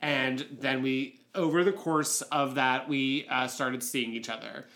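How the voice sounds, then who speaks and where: Animated man telling stories. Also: unhurried. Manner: animated, laughing, swooping into high quoted voices. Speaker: podcast co-host. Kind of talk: casual storytelling chat.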